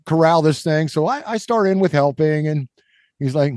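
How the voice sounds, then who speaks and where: Speaking at normal speed in a slightly high, smooth and somewhat mellow voice, a middle-aged podcast host from Kansas rambles through a casual story. He leans on fillers and imitates the people involved. The studio recording is clean and echo-free.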